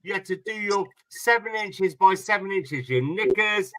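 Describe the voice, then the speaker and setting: A man's voice: high voice, expressive, normal speed, pushed and bright, dry recording, poor audio. A man who cuts in with sweary banter.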